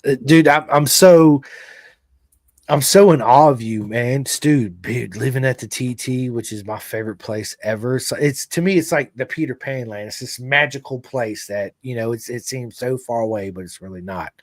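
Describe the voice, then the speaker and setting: Podcast host, american man, loud and animated, swears a lot, dry close mic. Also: mid-range voice, moderate pace, no echo. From United States. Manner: loud, animated storyteller who swears freely. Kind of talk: casual storytelling chat.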